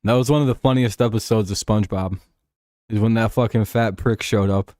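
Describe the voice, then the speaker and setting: A young livestream host chats casually while watching a football game, joking, swearing and laughing often. His lowish voice is fairly even in intonation, brisk and a little mellow, with clean studio sound and no room noise.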